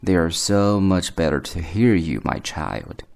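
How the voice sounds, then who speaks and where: Man putting on a sly big bad wolf, deep gruff gravelly voice, menacing, storybook reading. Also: lively intonation, unhurried, a little mellow, heavily acted. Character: big bad male wolf posing as grandmother.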